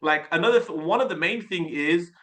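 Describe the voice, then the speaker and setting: A man talks in a loose, blunt coaching monologue, full of fillers. His voice sits a little high and sounds very bright and forceful. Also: brisk. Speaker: sales coach. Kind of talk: casual advice monologue.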